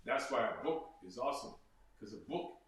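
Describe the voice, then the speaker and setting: A man's voice: mid-range voice, lively intonation, moderate pace, a bit bright. A man earnestly talking as an interview guest, repeating phrases and acting out quotes. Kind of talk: casual interview talk. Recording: echoey room from far off.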